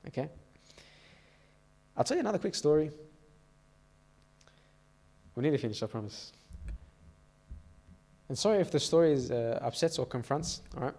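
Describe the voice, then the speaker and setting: Youth speaker, male, slightly raised pitch; church sermon told through stories, keeps asking "all right?". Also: lively intonation, moderate pace, gravelly, pauses often, dark tone.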